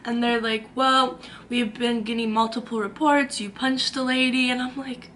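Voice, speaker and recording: A young woman tells a story to her camera in her room, chatty and dramatic, acting out what everyone said. Her voice sits high and bright. Faint noise runs under the recording. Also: steady tone, normal speed. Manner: chatty and dramatic, acts out quotes. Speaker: vlogger. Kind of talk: storytime vlog.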